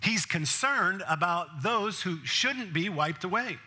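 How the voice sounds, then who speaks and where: A man's voice: high voice, animated, unhurried, hardly any pauses. A man preaching a sermon as pastor, telling the story in a conversational way and acting out the scenes. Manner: laughs often, grows emphatic and louder.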